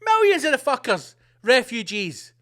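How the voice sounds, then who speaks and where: Man, podcast host, high-pitched voice, angry sweary rant, sarcastic. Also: wildly swooping pitch, normal speed, bright, forceful tone. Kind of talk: ranting solo podcast.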